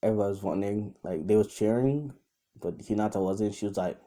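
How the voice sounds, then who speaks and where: A man's voice: lowish voice, brisk, mellow. A young man casually retelling a fan story off the cuff, rambling with many fillers and restarts. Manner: quotes characters in his own voice.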